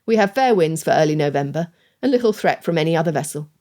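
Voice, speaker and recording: A woman narrator voicing a gruff, commanding male smuggler ship captain in an audiobook. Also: sits low, lively intonation, quick pace, warm tone. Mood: stern. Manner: curt, commanding.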